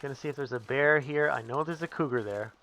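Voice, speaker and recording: A man's voice: medium pitch, fast, vocal fry, a bit bright. A man from Northern Canada, chatting with his viewers as he streams a survival game. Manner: chatty, answering chat while playing. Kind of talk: live gameplay commentary.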